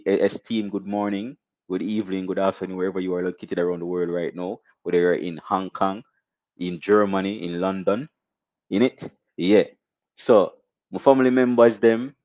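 A young Jamaican man with a deep voice hosts a casual live stream, shouting out viewers and reading donations with animated, repetitive catchphrases. The audio has no echo but its highs are cut off.

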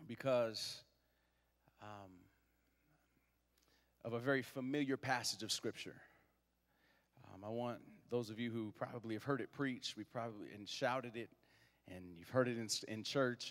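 A man's voice: mid-range voice, a bit bright, big-room sound. A young man preaching a sermon in a church, joking with the congregation and leading call-and-response. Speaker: guest preacher. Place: church sanctuary.

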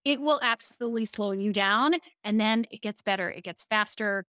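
A woman's voice: mid-range voice, moderate pace, no room sound, studio quality. A woman from Baltimore, a speaking coach, telling stories in a casual podcast interview and acting out quotes. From Baltimore, USA. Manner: animated storytelling, acts out quotes.

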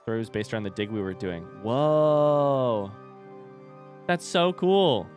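A young man live-streaming a video game, reacting loudly and swearing when hit while chatting with viewers. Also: mid-range voice, slow pace. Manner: excitable, swears and yelps when hit, reads chat aloud. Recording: game music behind voice. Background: game music.

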